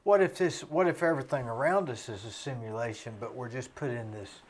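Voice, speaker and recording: A man's voice: mid-range voice, fairly quick, slight background noise. Curious man hosting a podcast. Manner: curious, asking questions. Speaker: host. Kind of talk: casual podcast conversation. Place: recording studio.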